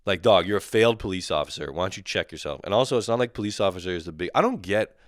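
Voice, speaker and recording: A man's voice: low-pitched, animated, rapid-fire, dry recording, clean studio sound. A young man from Canada ranting casually and profanely, exasperated and mocking the people he describes. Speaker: comedian ranting solo. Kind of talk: casual comedic rant.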